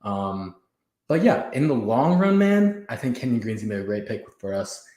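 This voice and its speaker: Hyped young fan host, winded after push-ups, mid-range voice, roomy home echo. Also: male voice, medium pitch, sing-song, normal speed, warm tone. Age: young adult. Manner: hyped, laughing, talks straight to viewers. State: out of breath. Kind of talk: casual livestream chat. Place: home room. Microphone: camera on the floor.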